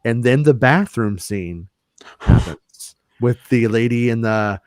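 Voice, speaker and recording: A man of middle pitch telling a loose, rambling story on a podcast, circling back with restarts and fillers. His voice sounds dry and close, with almost no room around it. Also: lively intonation, slow, darkish tone, dry recording. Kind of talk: casual chat.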